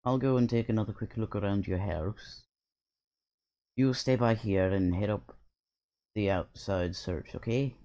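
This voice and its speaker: A man's voice: on the low side, measured pace, long pauses, dark tone, lightly acted. A man voicing a chatty, bossy little male fairy sidekick while reading a game aloud. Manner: lilting, bossy, slangy and matter-of-fact.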